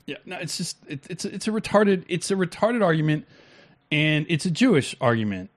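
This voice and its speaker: A man's voice: a little high, very animated, normal speed. A man co-hosting a talk stream, reacting to clips in blunt, crude, heated talk with many restarts. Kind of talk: casual profane commentary.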